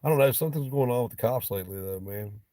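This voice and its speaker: A man's voice: mid-range voice, fast, warm tone, no room sound. A man from Ohio hosting a casual livestream chat with viewers, talking in a blunt, profane, joking way. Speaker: livestream host.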